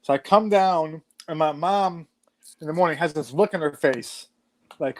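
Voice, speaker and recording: Man, 40s, high-pitched, lively casual storyteller who swears freely. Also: normal speed. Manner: animated storytelling with frequent swearing. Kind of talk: casual chat.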